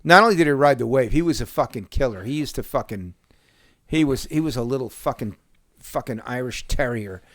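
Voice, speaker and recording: A man, telling stories in a casual podcast chat, profane and animated. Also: mid-range voice, brisk, no echo, studio quality. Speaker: podcast host.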